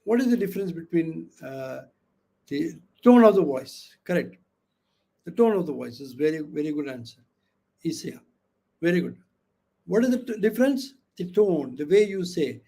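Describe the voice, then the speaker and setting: A man's voice: fairly high pitch, moderate pace, gravelly, husky. A man giving an interactive online lecture, often asking the audience questions and filling with "okay" and "you know", speaking over a video call microphone. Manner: acts out quoted speech with lively voices. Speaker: webinar trainer.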